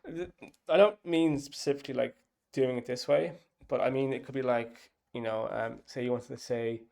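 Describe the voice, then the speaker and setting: A man's voice: medium pitch, steady tone, moderate pace, gravelly, a little mellow. A man, casually talking through his app's design and thinking aloud with lots of fillers. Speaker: app developer. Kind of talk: casual dev log talk.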